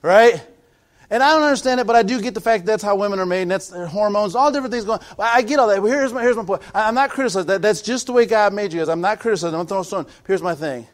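A middle-aged male pastor preaching a sermon, swinging from loud emphatic build-ups to low quiet asides, with rhythmic repetition and call-outs to the audience. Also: racing, few pauses.

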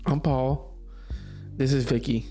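A man's voice: mid-range voice, steady tone, takes it slowly, dark tone, faint music behind. Male reader as a level-headed young man; own voice, dry edge. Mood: calm. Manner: sensible, occasionally sarcastic.

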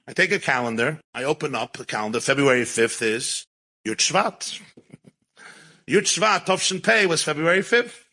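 Man, storytelling talk, animated, husky, slightly high voice. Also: moderate pace, poor audio. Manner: animated, mixes Yiddish and Hebrew words into English. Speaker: rabbi and storyteller.

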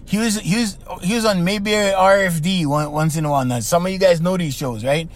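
An older man with a Hawaiian accent, hosting a podcast and telling a story in a slangy, animated way with lots of repeats. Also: high-pitched, a little fast. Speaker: podcast host. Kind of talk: casual storytelling.

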